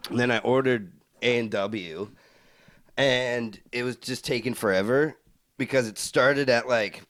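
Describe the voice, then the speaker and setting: A young man co-hosts a casual podcast. He rambles through his stories, swears freely and jokes at his own expense. His voice sits at an ordinary pitch. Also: a little slow, a bit bright. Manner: rambling, self-mocking, swears a lot. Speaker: podcast co-host. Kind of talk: casual chat.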